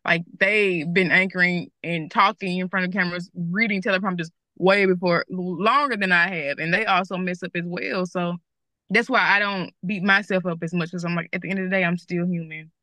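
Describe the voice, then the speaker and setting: A woman's voice: fairly low pitch, steady tone, brisk, pushed and bright, dry recording. A young woman with a Southern American accent, a TV journalist guest, talking candidly and chattily about her career at a school event. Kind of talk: school career talk interview.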